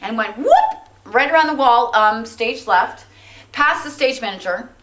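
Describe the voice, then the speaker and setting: A woman telling a theatre anecdote in an animated way, acting out the quoted lines in raised voices. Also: a little high, measured pace. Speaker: interviewee in theatre documentary.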